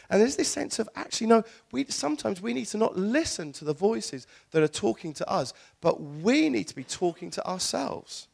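A man preaching a sermon in church, animated, with laughing asides and repeated words. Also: high voice, normal speed, creaky, breathy edge. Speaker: pastor.

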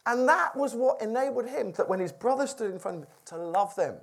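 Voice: mid-range voice, animated, fairly quick, gravelly, husky. A preacher teaching a Bible passage informally to a group, reading aloud and asking the audience questions in a conversational way.

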